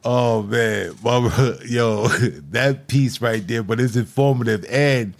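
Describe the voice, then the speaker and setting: Male host, gravelly mid-range voice, encouraging and laughing, casual. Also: medium pitch, slow pace. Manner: laughs a lot, encouraging, says "man" often. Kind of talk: casual chat, hosting a poetry show.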